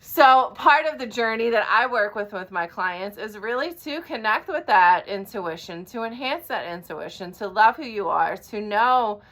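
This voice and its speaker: A woman speaks in an animated, fairly bright, medium-pitched voice at a moderate pace with few pauses. She's a life coach giving an earnest talk to the camera, bluntly making her points, checking in with listeners after each one, and swearing now and then.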